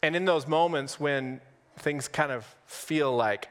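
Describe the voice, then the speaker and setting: A male pastor preaching an Easter sermon in a conversational, humorous way, with dramatic pauses. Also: medium pitch, a bit bright, long reverb tail. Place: church sanctuary on Easter Sunday.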